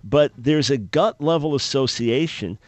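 A man hosting a call-in radio talk show, speaking in an earnest, measured way. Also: medium pitch, dry recording. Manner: earnest, measured, thinking aloud.

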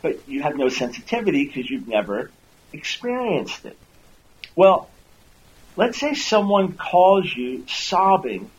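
This Christian apologist and radio host speaks slowly and very animatedly with a slightly high voice, heard on a low-quality recording. He teaches listeners earnestly, repeating words to build his points and voicing quoted speech loudly.

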